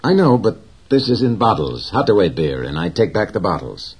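Guy doing a keen young fisher kid, pitched way up, husky, all coaxing and eager. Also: very animated, moderate pace, heavily acted. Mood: earnest. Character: earnest loyal young fisher boy. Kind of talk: audiobook character reading.

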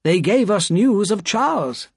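A man voicing an older male doctor in an audiobook, measured and reassuring. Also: sits high, sing-song, gravelly, breathy edge, dry recording, studio quality, voice pushed up, exaggerated voice. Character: older male doctor, calm former prisoner.

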